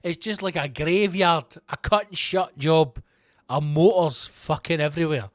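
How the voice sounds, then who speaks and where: A man, a comedian hosting his own show, telling a story in a profane, animated, self-mocking way and acting out the quotes. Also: on the high side, measured pace, no room sound, clean studio sound. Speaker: comedian host. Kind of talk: comic storytelling monologue.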